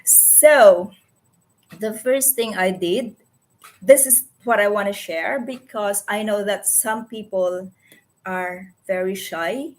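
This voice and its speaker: A woman's voice: mid-range voice, takes it slowly. Filipino-accented woman in her 40s doing a live stream at her computer, earnest, keeps restarting and fixing her words. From Philippines. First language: Tagalog. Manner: earnest, searching for words, frequent self-corrections. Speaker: livestream host. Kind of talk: casual live-stream chat.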